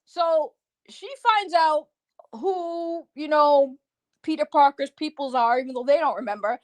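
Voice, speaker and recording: A young woman giving an excitable, slangy spoiler review of a movie, swearing freely. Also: high voice, a little slow. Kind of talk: casual spoiler review to camera.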